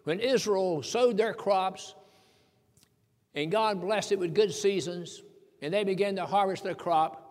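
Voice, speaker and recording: A man preaching a sermon in a folksy way, chuckling between points and slowing down when he quotes scripture. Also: high voice, in a large hall.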